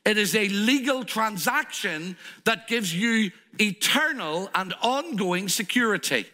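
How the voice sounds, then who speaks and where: A male preacher delivers a sermon in a bright, ringing voice that swings up and down with animated emphasis. He speaks in a church, and his voice carries a long reverb through the hall. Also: sits high, a little slow. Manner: animated, emphatic, plays out stories.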